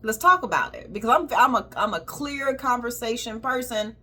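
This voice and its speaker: A woman's voice: fairly high pitch, animated, normal speed, pushed and bright, slight background noise. A woman hosting a casual monologue, speaking directly and emphatically, acting out exchanges with clients. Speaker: colon hydrotherapist hosting a talk.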